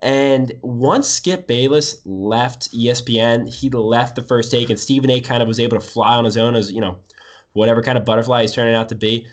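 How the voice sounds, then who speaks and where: A young man hosting a casual sports talk show, telling stories excitedly and often calling people dude. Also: medium pitch, fairly quick, a little hiss or hum. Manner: excited storytelling, says dude a lot. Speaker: sports podcast host.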